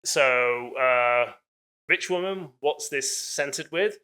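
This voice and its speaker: A man voicing a shrewd expert perfumer who briskly settles a dispute, in a lecture story. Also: mid-range voice, pushed and bright, clear, resonant tone.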